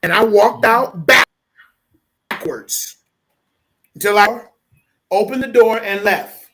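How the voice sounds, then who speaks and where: Animated storytelling man, pastor as guest. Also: sits high, takes it slowly, noisy background. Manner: animated storyteller, repeats "okay?" for emphasis; switches into lively voices when quoting people. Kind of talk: conversational storytelling.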